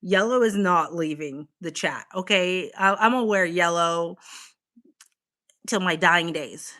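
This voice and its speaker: Chatty girl livestreaming, reads chat out loud, laughs, swears here and there. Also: lowish voice, takes it slowly. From Boston, USA. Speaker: livestream host. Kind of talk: casual livestream chat with viewers.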